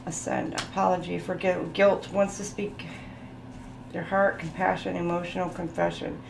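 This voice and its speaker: A woman with a fairly low, level voice and some vocal fry gives a casual tarot reading at a moderate pace. She's chatty, laughs often, and lists card keywords as she goes. The recording sounds roomy, with faint background noise.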